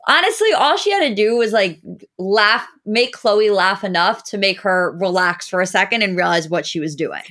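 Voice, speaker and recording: A young woman in casual podcast chat, her voice bright with a middling pitch. She reacts in an emphatic, blunt way and swears freely for emphasis. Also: animated, normal speed. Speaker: podcast co-host.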